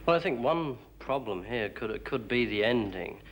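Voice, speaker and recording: A man's voice: medium pitch, expressive, normal speed. A British man, a jazz musician, suggesting an arrangement at rehearsal, hesitant and repeating words as he thinks. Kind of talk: rehearsal discussion.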